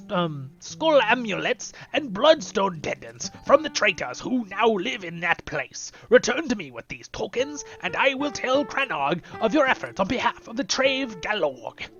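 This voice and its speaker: A man's voice: extremely high pitch, sharp tone, highs cut off, pitched above the performer's own voice, exaggerated voice. A man reading a grim male tribal envoy from a game in a solemn, urgent tone, trying out an accent.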